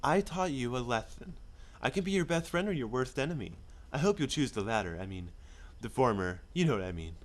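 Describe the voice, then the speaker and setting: A man's voice: mid-range voice, animated, fairly quick. A man reading character lines in a casual script read-through, with chatty asides. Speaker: script reader.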